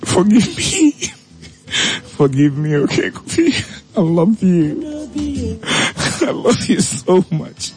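A man voicing a tearful young woman who begs her partner's forgiveness in a high, sobbing voice. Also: very animated, slow, long pauses, a little mellow, soft background music, exaggerated voice. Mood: tearful pleading.

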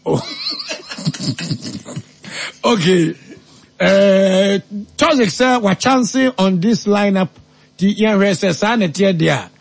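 A man's voice: high-pitched, animated, slow, creaky, pauses often. A man, giving solemn, grandiose declarations as a self-styled seer in a comic prophecy skit. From Ghana.

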